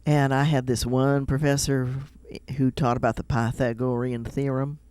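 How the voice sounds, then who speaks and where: A man's voice: mid-range voice, little pitch movement, moderate pace, a little mellow, clear, resonant tone, no echo. A man with a Midwestern American accent, chatting casually on a radio show and rambling through personal stories. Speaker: rabbi, radio guest.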